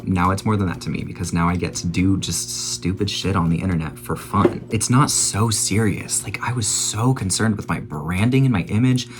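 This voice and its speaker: Chatty young man with low voice. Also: normal speed, hardly any pauses, noisy background. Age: 20s. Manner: chatty, self-mocking, swears freely. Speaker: YouTuber. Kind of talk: casual vlog chat while baking.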